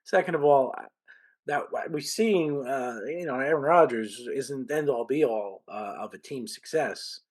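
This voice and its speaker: A man co-hosting a sports podcast who chimes in with short agreements and gives longer, halting takes with restarts. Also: medium pitch. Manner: brief agreeing replies, then longer halting takes with restarts and a little swearing. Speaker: podcast co-host. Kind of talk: casual sports talk.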